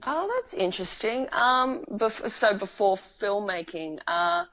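A woman's voice: medium pitch, a little slow, a bit bright, lo-fi sound. A woman, a film writer and director, talking casually as an interview guest, chatty and laughing often with frequent restarts.

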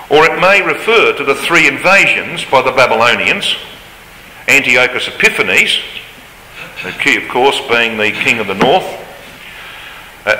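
A man's voice: mid-range voice, pushed and bright, slight background noise. A man giving an emphatic Bible study lecture, his voice rising when he reads scripture aloud. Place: large lecture hall. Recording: roomy hall reverb, faint ambience.

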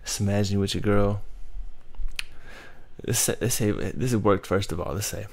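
A man's voice: on the low side, moderate pace, creaky, a little mellow. A man in a casual chat who talks bluntly with crude slang, mocking what he reads.

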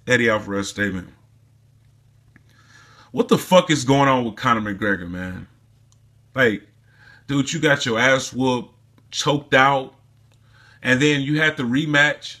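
Man ranting with a bright, sharp voice. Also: mid-range voice, unhurried, pauses often. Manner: profane, heated and mocking. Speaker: sports commentary vlogger. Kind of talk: casual ranting commentary.

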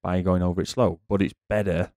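A man's voice: deep voice, flat delivery, fairly quick, darkish tone, no room sound, clean studio sound. A man who runs a car repair garage, explaining things earnestly at length as a podcast guest. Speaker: car mechanic and garage owner. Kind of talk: casual chat.

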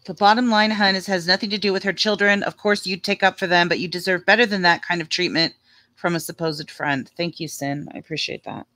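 A woman's voice: fairly low pitch, fairly even intonation, fairly quick, bright, forceful tone, no room sound. A woman guest on a livestream panel, speaking earnestly and emotionally over a video call. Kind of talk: casual livestream chat.

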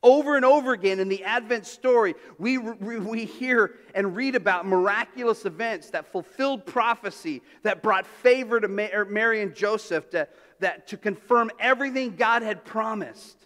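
High-voiced pastor preaching in a reverberant hall. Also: male voice, normal speed, a bit bright. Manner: storytelling, conversational with asides and restarts. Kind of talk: sermon. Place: church sanctuary.

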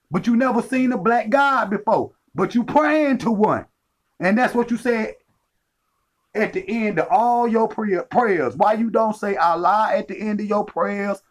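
A man giving a profane, emphatic livestream lecture, repeating his points and calling listeners family. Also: high-pitched. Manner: emphatic, profane, repetitive street talk.

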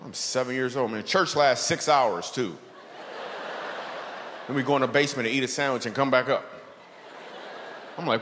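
A man performing a stand-up comedy set, telling animated stories and acting out characters. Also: mid-range voice, normal speed, pauses often. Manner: animated storytelling, acts out characters. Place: church hall with a live audience. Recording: long hall reverb, audience noise.

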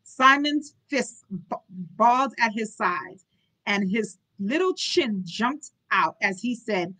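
A woman's voice: on the high side, expressive, takes it slowly, pushed and bright, poor audio. A woman hosting a live book club, reading aloud and breaking off for chatty, giggly commentary. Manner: giggly, chatty, apologetic asides.

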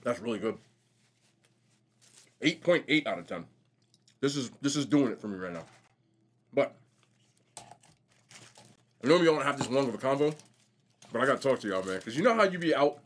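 A young man vlogging casually while eating, telling stories in a slangy, animated way. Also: mid-range voice, normal speed, long pauses. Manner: animated, slangy storytelling, says bro a lot. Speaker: mukbang vlogger.

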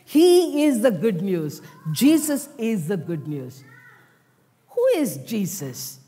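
A woman preaching a sermon in short, deliberate phrases full of rhetorical questions. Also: high voice, sing-song, darkish tone. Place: church. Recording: long reverb of a church hall.

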